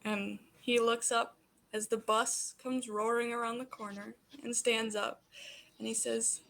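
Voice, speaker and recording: A woman narrating a tabletop role-playing game as game master, describing scenes in an unhurried, descriptive way. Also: on the high side, flat delivery, creaky, a bit bright.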